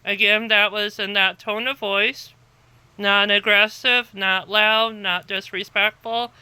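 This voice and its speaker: A woman telling a story to the camera in a calm, rambling way that circles back and repeats itself. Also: mid-range voice, slow pace, clear, resonant tone, dry recording. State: tired, half asleep. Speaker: vlogger.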